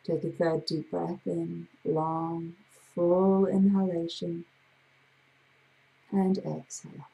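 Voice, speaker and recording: Woman, gravelly, slow, soothing, guided breathing exercise, warm dark tone. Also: lowish voice, flat delivery, highs cut off. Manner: slow, soothing, drawn-out guidance. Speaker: hypnotherapist.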